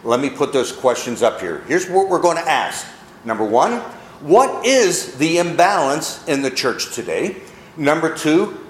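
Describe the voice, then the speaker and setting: A man's voice: fairly high pitch, echoey room, slight background noise. A man preaching a sermon to a congregation, leaning into emphatic phrases. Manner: preaching with rising emphasis, mocking quotes. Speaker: pastor. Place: church.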